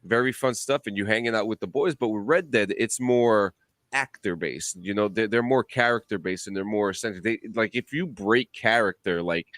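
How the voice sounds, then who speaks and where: A man on a podcast telling a long gaming story in a casual, profane, animated way with many restarts. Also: lowish voice, normal speed, dry recording, studio quality. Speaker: podcast co-host.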